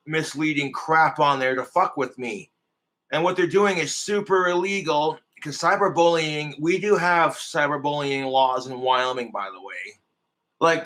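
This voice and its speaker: Slow, bright-voiced ranting man. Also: on the high side. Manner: crude, combative, swearing. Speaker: streamer. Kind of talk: profane comedic rant.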